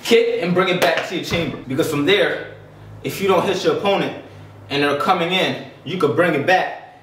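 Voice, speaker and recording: Demonstrating basic karate kicks in a casual lesson, an instructor chats loosely and runs out of breath. He talks at normal speed in a fairly high, slightly bright voice, recorded with a distant mic in an echoey room with a little hiss or hum.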